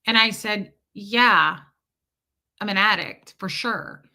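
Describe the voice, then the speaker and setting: A woman's voice: medium pitch, takes it slowly, vocal fry, sharp tone. A woman vlogger casually retelling a personal conversation to her viewers, candid and rambling.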